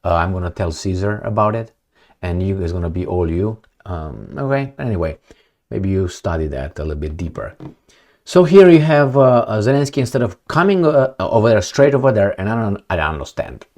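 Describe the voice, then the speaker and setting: Man, lowish voice, sarcastic, rambling, fillers, casual monologue. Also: sing-song, fairly quick, a little mellow. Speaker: political commentator.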